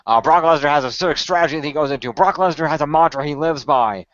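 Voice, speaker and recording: A man's voice: fairly high pitch, fast talker, fairly bright tone. A man co-hosting a casual wrestling recap, rambling with lots of fillers. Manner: rambling, many fillers, chanting catchphrases. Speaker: podcast co-host. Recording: dull dry lo-fi audio.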